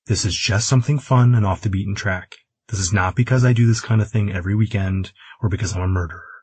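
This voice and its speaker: A man voicing an earnest young man, blustering but unsure of himself, in a plain husky voice. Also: fairly low pitch, fast, darkish tone, no room sound.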